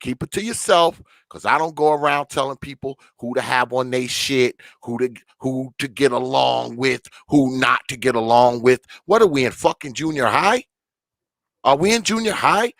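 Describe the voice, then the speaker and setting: A man's voice: mid-range voice, normal speed, gravelly, fairly bright tone, no room sound. An older man, hosting a debate livestream in a profane, combative, emphatic rant. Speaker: debate show host.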